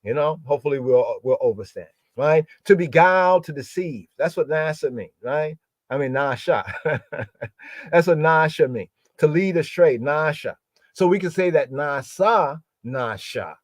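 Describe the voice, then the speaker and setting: A man hosting a livestreamed bible word study, repeating key words slowly and often checking in with "right?". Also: a little high, no room sound.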